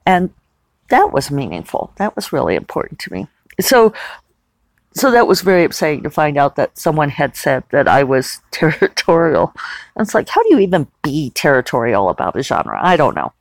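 A woman's voice: low-pitched, big pitch swings, normal speed, creaky, dry recording. A woman hosting a podcast, talking candidly in a chatty personal monologue with frequent restarts and laughs. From Western United States. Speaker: podcast host.

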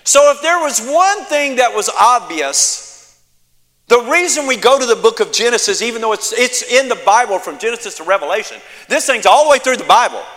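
A male pastor delivering a sermon with emphatic repetition and call-and-response. His voice is high and bright, and it rings out through a hall with long reverb. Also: lively intonation, a little fast.

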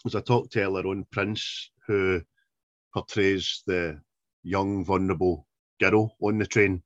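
A man's voice: deep voice, fairly even intonation, unhurried, dry recording, highs cut off. A man co-hosting a casual film review podcast, laughing often and quoting lines in put-on voices. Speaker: podcast co-host.

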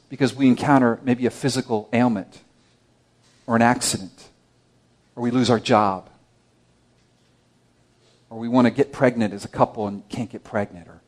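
A male pastor preaching a sermon, moving between loud, emphatic declarations and hushed, low asides.

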